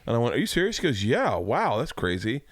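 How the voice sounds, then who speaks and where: A man's voice: medium pitch, wildly swooping pitch, fast, no room sound, studio quality. A man hosting a podcast, telling a story in a casual chat, acting out the people he quotes and swearing freely. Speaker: podcast host. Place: home studio room.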